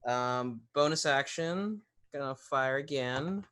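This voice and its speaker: A player speaks slowly and casually at a tabletop game, calling out dice rolls and attack damage. The voice sits at a middle pitch and carries an easy, offhand tone. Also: fairly bright tone, clean tone.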